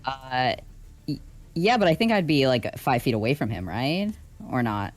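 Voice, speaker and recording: A player in a tabletop game, thinking aloud with many pauses and fillers as they plan a move. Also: mid-range voice, sing-song, no echo. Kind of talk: casual tabletop play.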